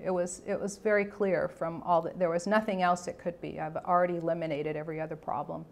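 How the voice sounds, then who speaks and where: A woman's voice: fairly low pitch, fairly even intonation, a little fast, hardly any pauses, a little mellow. A woman telling a personal health story in a conversational way, acting out quoted dialogue with frequent restarts. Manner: conversational, self-correcting. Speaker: health educator.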